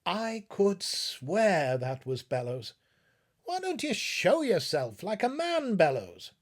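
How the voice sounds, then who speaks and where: A man voicing a frightened, bewildered young male scientist in an audiobook, exclaiming in a husky voice. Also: high voice, huge pitch swings, slow, pitched above the performer's own voice, heavily acted. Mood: panicked. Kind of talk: audiobook reading.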